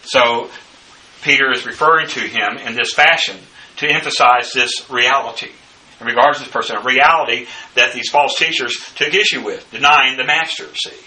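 A man teaching a bible study lecture, working through numbered notes and pausing often on filler sounds. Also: medium pitch, sharp tone. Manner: halting, many filler uhs. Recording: distant mic with faint background noise.

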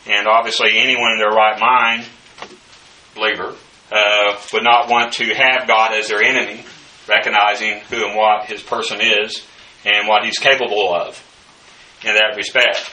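Man teaching a slow Greek word study. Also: on the low side, flat delivery, bright, forceful tone. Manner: spells out Greek words letter by letter, many "uh" fillers. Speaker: Bible teacher. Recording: echoey room, voice from a distance, faint hiss.

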